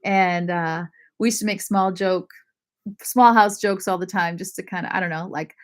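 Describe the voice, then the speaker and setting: A woman from Maine hosting a casual livestream, chatting warmly with viewers, often apologizing and laughing as she reads their comments. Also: fairly low pitch, normal speed. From Maine, USA. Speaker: lifestyle channel host.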